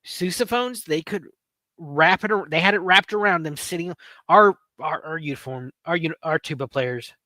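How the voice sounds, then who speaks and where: Bright-voiced man chatting on a livestream. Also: on the high side, moderate pace, dry recording. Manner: rambling, storytelling, playful with chat. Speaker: livestream host. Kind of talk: casual livestream chat with viewers.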